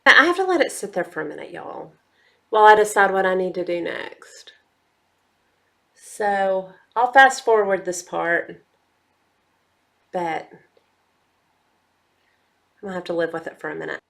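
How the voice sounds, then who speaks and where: A woman's voice: on the low side, very animated, a little slow, vocal fry, long pauses. A woman chatting casually through a makeup tutorial, talking straight to her viewers. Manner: chatty, addresses viewers as y'all. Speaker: beauty vlogger.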